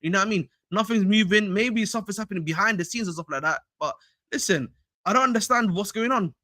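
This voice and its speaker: A young man chatting casually on a livestream, slangy and excitable as he talks to his chat. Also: high-pitched, fast, dry recording, studio quality. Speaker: fan channel livestreamer.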